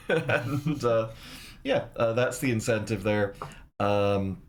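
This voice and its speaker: A man's voice: lowish voice, slow. A man co-hosting a casual live stream, rambling with many fillers and frequent laughs. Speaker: streamer co-host. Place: home room.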